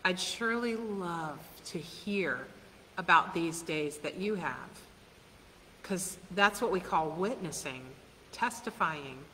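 A woman pastor preaching a sermon in a church, earnest and questioning, with soft laughs now and then. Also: on the low side. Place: church sanctuary. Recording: hiss and long church reverb.

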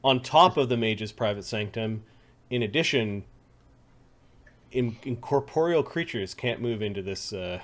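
A man at a mid-range pitch narrates a tabletop game as its game master. He paints each room in unhurried detail and chuckles between the details. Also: animated, a bit bright.

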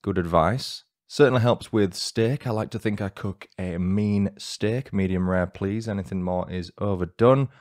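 Low-voiced male podcast host, dry sound. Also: normal speed, few pauses, darkish tone, dry recording. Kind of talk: scripted true-crime narration.

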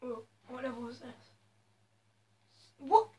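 A woman's voice: high voice, slow, warm tone, a little hiss or hum. A woman chatting over her own gameplay, mocking her own skill and breaking into sudden exclamations. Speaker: gaming video host. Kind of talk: casual gameplay commentary.

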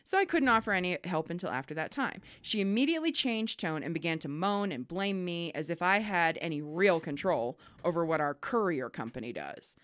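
A woman co-hosting a podcast, reading listener emails aloud and telling stories in a lively, swearing, laughing way. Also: fairly low pitch, fairly quick, few pauses, dry recording. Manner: animated storyteller, swears freely, laughs often. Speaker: podcast co-host.

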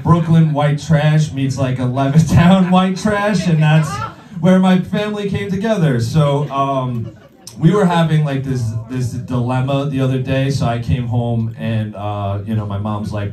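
A man's voice: medium pitch, a little mellow. A young man doing a stand-up routine on a comedy club stage, crude and rambling with lots of filler words. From Long Island, New York. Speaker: stand-up comic. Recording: roomy club sound, heard from a distance.

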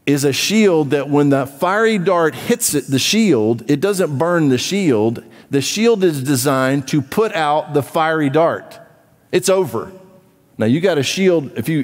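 A man preaching a sermon as pastor, emphatic, dropping to low asides and rising to loud urging. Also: long reverb tail. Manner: emphatic, swings from low asides to raised exhortation. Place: church.

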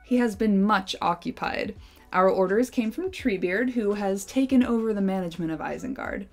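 A cheeky young hobbit from a storybook, greeting lords with grave, stiff formality that is plainly tongue-in-cheek, as a woman reading aloud puts him on. He keeps a measured, courteous tone. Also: medium pitch, gravelly, faint music behind, natural voice. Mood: mock grave.

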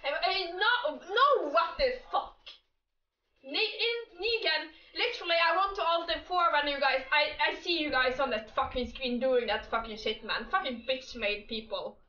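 A woman's voice: high-pitched, normal speed, bright, forceful tone, highs cut off. A woman giving a casual, profane, exasperated rant about game characters, breaking into laughter often. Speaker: gaming creator. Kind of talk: casual ranting commentary. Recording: echoey room, distant mic, faint music.

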